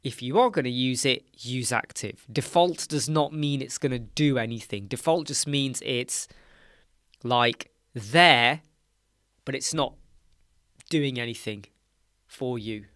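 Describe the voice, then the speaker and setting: A man's voice: medium pitch, slow pace, fairly bright tone, no echo, studio quality. Tired British man explaining on a live stream. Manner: loose, rambling, self-correcting. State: tired, yawning. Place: dark home studio with soundproof panels.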